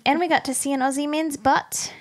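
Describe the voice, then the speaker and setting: A young woman co-hosting a chatty podcast, her voice sitting a little high. She reads listener mail in an animated, casual way, full of fillers and restarts. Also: a little fast. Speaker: podcast co-host.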